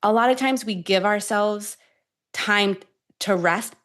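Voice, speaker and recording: A woman in her thirties who is a tapping expert, guiding a calm tapping sequence and then telling stories in an animated, conversational way. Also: medium pitch, slow. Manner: calm, soothing guidance shifting to animated storytelling. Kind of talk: guided tapping and conversational chat.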